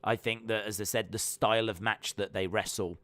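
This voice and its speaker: Man, wrestling stream host, casual rambling talk, fillers, lowish bright voice, dry close sound. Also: fairly even intonation, a little fast, no room sound. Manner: casual and rambling, many fillers, reads viewer comments aloud. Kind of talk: live reaction stream chat.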